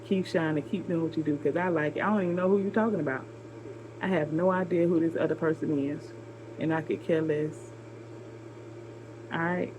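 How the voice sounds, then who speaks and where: A woman from Georgia with a Southern accent, talking casually to camera in a response video, encouraging a viewer with drawn-out, repeated phrases. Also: low-pitched, steady tone, noisy background. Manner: warm, repetitive encouragement with drawn-out emphasis. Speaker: vlogger making a response video.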